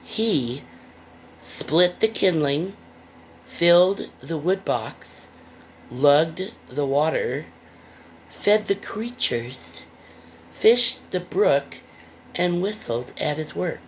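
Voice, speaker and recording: A woman's voice: low voice, extremely slow, long pauses, a little hiss or hum. A woman reading a picture book aloud with playful, chatty asides to young listeners. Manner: playful, expressive.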